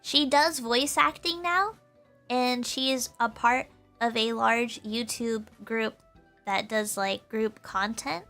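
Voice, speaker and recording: A woman streamer chatting casually with her viewers in a high, girlish voice, giggling often and filling her talk with "like". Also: fairly even intonation, slow pace, pushed and bright, soft background music. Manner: giggly, laughs often, full of "like" fillers.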